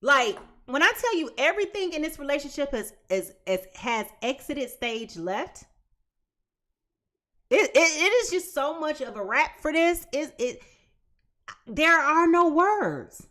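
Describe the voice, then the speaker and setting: Emphatic bright-voiced woman reading tarot. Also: high voice, big pitch swings, measured pace. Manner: emphatic, piles up repeated phrases; chatty and slangy, restarts often. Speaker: tarot reader. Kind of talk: casual tarot reading to viewers.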